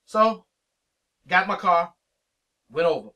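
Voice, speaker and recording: A man's voice: high-pitched, takes it slowly, recorded from a distance, dull audio. A man, a veteran radio DJ telling stories in an interview, acting out old conversations as he goes. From Richmond, Virginia. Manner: animated storyteller acting out both sides of old conversations. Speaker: veteran hip-hop radio DJ, interview guest. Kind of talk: storytelling in a sit-down interview.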